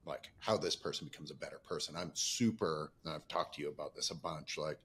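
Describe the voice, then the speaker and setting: He's a podcast host in his fifties with an extremely low voice, a fairly bright tone, and a fairly quick pace. Over slight background noise, he reflects casually and at rambling length on his own life, speaking candidly.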